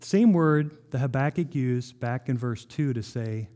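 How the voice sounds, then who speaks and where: A pastor with a mid-range voice preaches a sermon, reading scripture aloud and slowing down for emphasis. He animatedly fires rhetorical questions at the congregation.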